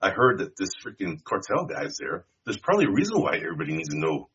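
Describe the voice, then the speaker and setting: Husky, animated guy in casual chat. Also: deep voice, quick pace, dull audio. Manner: laid-back, says "dude" and "bro" a lot. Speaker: podcast co-host.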